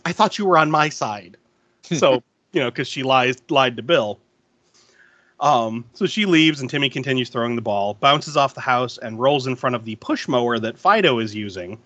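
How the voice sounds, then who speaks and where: A man's voice: mid-range voice, a bit bright, dry recording, highs cut off. A man hosting a podcast, casually retelling a movie scene by scene, laughing often and acting out the lines he quotes. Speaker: podcast host recapping a movie. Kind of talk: casual chat.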